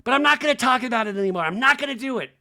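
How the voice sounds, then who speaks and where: A man imitating an exasperated woman reality star, indignant and raised in pitch. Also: lively intonation, rapid-fire, bright, forceful tone, heavily acted.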